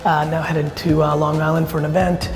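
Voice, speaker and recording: A man's voice: a little high, little pitch movement, brisk, faint music behind. A man vlogging his day and giving a motivational talk, blunt, intense and full of swearing. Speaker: entrepreneur vlogger and conference speaker. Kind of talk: casual vlog talk and motivational speech.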